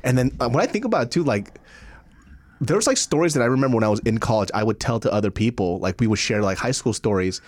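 A man's voice: mid-range voice, lively intonation, fast, dry recording. A young man co-hosting a podcast, chatting in a laid-back way, swearing and laughing through his stories. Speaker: podcast co-host. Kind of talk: casual chat.

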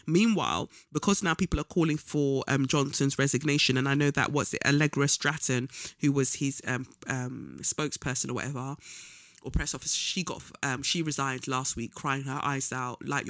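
Blunt slangy man with a bright voice. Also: a little high, dry recording, studio quality. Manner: blunt, scornful, slangy, with frequent ums. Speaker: vlogger. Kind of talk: casual political commentary monologue.

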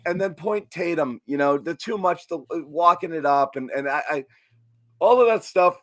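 A man's voice: fairly high pitch, expressive, normal speed, no echo, clean studio sound. A man co-hosting a postgame sports show, rambling with many restarts while breaking down the game. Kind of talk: sports postgame analysis chat.

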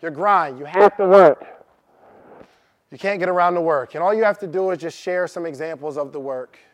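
A man's voice: on the high side, moderate pace. A man giving a motivational talk to a live audience, asking them questions and repeating his key points. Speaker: motivational speaker. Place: room with an audience.

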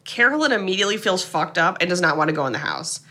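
A woman's voice: fairly low pitch, sing-song, fast, pushed and bright. A young woman co-hosting a podcast, chatting casually as she retells a film and acts out its characters' lines. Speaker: podcast co-host. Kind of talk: casual chat recapping a film.

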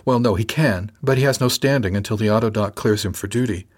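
Guy doing a soft-spoken polite lady officer, shy but keen, slightly raised lower voice. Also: fast, slightly rough. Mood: polite, brisk. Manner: soft-spoken, courteous, gently enthusiastic. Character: shy gentle woman ship officer, quietly sharp. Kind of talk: audiobook character voice.

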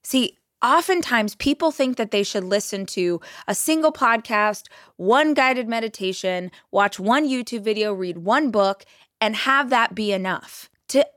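A woman's voice: fairly high pitch, animated, measured pace, a bit bright, dry recording, clean studio sound. A woman hosting a motivational podcast, speaking earnestly and directly to her listeners. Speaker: podcast host.

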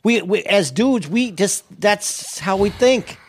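A man's voice: sits high, expressive, slow, breathy edge, no echo, clean studio sound. A man co-hosting a podcast, chatting casually and working his thoughts out aloud. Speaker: podcast co-host. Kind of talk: casual chat.

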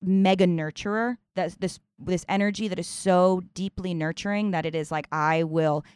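A woman hosting a casual conversation, speaking reflectively and often pausing to find the right words. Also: lowish voice, fairly even intonation, darkish tone, clean tone, no room sound.

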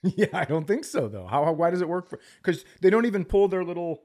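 A man's voice: high voice, sing-song, fast talker, a little mellow. A man co-hosting a comedy podcast in casual chat, making dry wisecracks and acting out little exchanges. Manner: dry, wisecracking, acts out bits. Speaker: podcast co-host.

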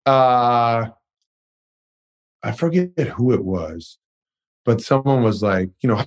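A man's voice: medium pitch, slow pace, pauses often. A young man guesting on a podcast, chatting loosely and profanely, with plenty of "you know" and "like". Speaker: guest, pro basketball player. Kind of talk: casual interview chat.

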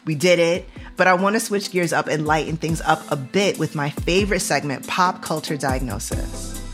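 A woman's voice: low-pitched, moderate pace, music in the background. A woman in her forties hosting a podcast in casual chat, talking loosely with lots of "like" and "you know". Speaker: podcast host.

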